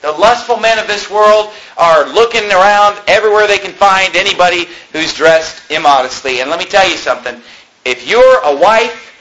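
A man preaches with a high, bright, fervent voice, pressing each point through repetition. His sermon rings out in a roomy, echoing space, with a faint hiss underneath. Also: moderate pace, highs cut off. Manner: fervent, emphatic, repeats phrases for emphasis. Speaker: pastor. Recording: roomy echo.

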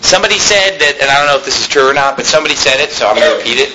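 A man's voice: mid-range voice, lively intonation, very fast, noisy background. A man preaching a sermon to a church congregation, chatty and joking as he goes. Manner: conversational preaching with humorous asides and chuckles. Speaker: pastor. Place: church hall.

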